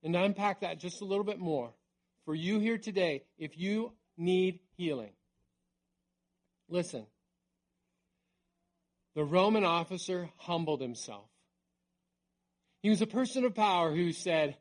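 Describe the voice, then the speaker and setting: A middle-aged man preaching a sermon in a conversational way, dropping to a near hush on key words. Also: high-pitched, expressive, unhurried, pauses often. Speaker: pastor.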